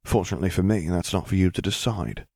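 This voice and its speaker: A man's voice: low voice, animated, fast talker, a little mellow, slightly rough, dry recording, clean studio sound, full character voice. A man reading as a cold defiant young son. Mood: cold bitter. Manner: cold, clipped retorts.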